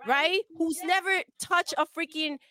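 A woman's voice: very high voice, measured pace, pushed and bright, no room sound, studio quality. A woman co-hosting a gaming talk stream, ranting in a fiery, profane, emphatic way. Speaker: co-host. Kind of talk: heated gaming rant.

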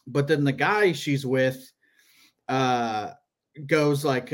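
A man's voice: mid-range voice, very slow, pauses often. A man, a comedian co-hosting a podcast, tells a rambling story in casual chat, often laughing and acting out the people he quotes.

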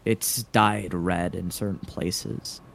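A man narrating a tabletop game as game master, setting scenes in a measured, dramatic way. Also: deep voice, fairly even intonation, creaky, fairly bright tone, a little hiss or hum.

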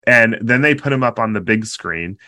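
A podcast co-host tells a story in casual chat, emotional and excited. His voice is fairly low at a normal speed, in a dry recording.

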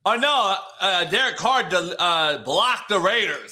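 Bright high-voiced man talking sports. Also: lively intonation, measured pace. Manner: laid-back, swears freely, stammers and restarts. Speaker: podcast host. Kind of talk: casual sports talk.

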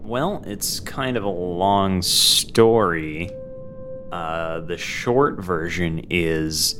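A man's voice: deep voice, fairly bright tone. A man playing a tabletop game in a casual, wisecracking and rambling way. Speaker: player.

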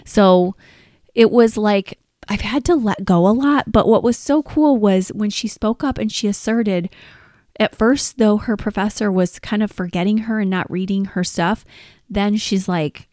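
A woman's voice: medium pitch, unhurried, darkish tone, no room sound, studio quality. A woman in her forties hosting a podcast, talking casually and from the heart, with lots of "like" and quoted asides. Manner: chatty, heartfelt, many likes and quoted asides. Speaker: podcast host. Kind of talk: casual personal monologue.

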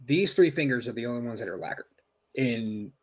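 A man's voice: mid-range voice, lively intonation, brisk. A man co-hosting a podcast in casual chat, thinking aloud with frequent restarts. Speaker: podcast co-host.

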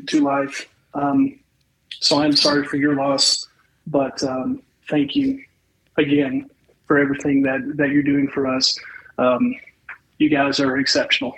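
A man speaks as an interview guest, polite and halting. His voice is gravelly and a little high. He talks very slowly and pauses often on ums. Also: fairly bright tone, poor audio. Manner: polite, halting, says ma'am, many ums.

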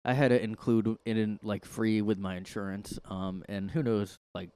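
Rambling sarcastic man, lowish voice. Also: flat delivery, moderate pace, a little mellow, clean tone. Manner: rambling, sarcastic, heavy use of "like". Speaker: podcast host. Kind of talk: casual rambling monologue. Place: his room.

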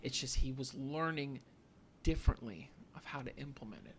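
A man co-hosting a casual chat, animated and often repeating words as he restarts. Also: medium pitch, moderate pace, a little hiss or hum. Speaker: podcast co-host.

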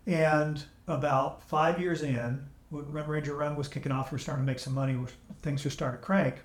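A man guest on a podcast, telling an emotional personal story in an earnest, halting way with frequent restarts. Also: a little high, steady tone. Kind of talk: candid storytelling. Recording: echoey room, AI-salvaged audio.

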